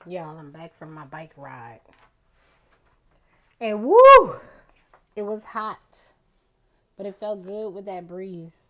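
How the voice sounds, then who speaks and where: Woman vlogger, unhurried and chatty, rambling casual delivery. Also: fairly low pitch. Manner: chatty, rambling, drawls out words. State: out of breath after a bike ride. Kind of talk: casual day-in-my-life vlog.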